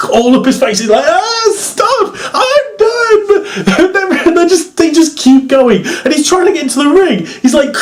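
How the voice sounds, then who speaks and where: Young male reviewer, lively pitch, rambling and amused, casual swearing. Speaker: wrestling reviewer.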